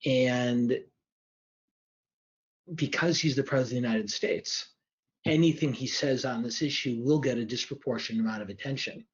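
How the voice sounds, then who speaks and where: A man, a politics professor, giving measured analysis and answering audience questions on a livestream, hedging carefully and restarting phrases. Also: mid-range voice. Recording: dull lo-fi stream audio.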